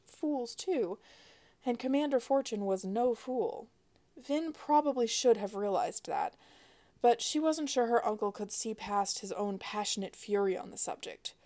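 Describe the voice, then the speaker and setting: Woman reading her own sci-fi book out loud, wry and lively. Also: fairly high pitch, measured pace. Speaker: author and narrator. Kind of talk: audiobook narration.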